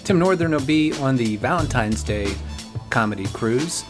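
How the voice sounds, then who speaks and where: A man's voice: mid-range voice, expressive, moderate pace. A man hosting a comedy podcast, reading plain promotional announcements. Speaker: podcast host. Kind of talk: scripted announcement. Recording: voice over music.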